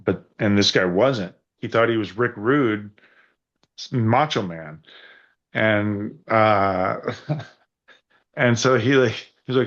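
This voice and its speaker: A man on a podcast as a guest wrestler, telling rambling, profane stories in a casual, animated way. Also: fairly low pitch, takes it slowly, long pauses, highs cut off. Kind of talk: casual storytelling chat.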